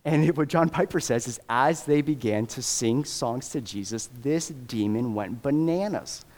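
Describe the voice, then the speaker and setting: A man preaching a sermon in a conversational style, often checking in with "okay?" and "right?" and building to intense, rising passages. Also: a little high. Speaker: pastor. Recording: long hall reverb.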